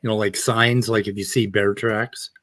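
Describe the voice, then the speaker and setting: A man with a lowish voice talks casually and rambles through an explanation, pausing on fillers. The sound is dry and close. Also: little pitch movement, a bit bright, no echo. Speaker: co-host. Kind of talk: casual panel chat.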